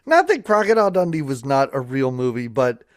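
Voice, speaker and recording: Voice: medium pitch, brisk, no echo, clean studio sound. A podcast co-host joking wryly in a casual movie chat. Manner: wry, joking, animated.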